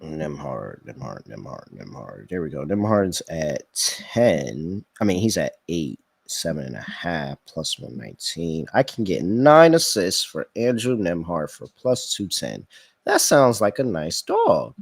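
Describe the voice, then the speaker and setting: A man's voice: low voice, huge pitch swings, measured pace, gravelly, slightly rough, no room sound. A man hosting a sports betting podcast in casual live-stream chat, thinking aloud and reacting to viewers' comments.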